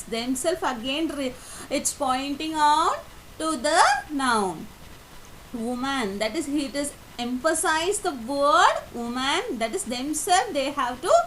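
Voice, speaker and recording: Woman grammar teacher, bright and lively pitch, reads examples and explains them step by step. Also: slight background noise, poor audio. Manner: reads example sentences then explains them, non-native grammar slips. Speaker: English teacher. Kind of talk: slow explanatory grammar lesson.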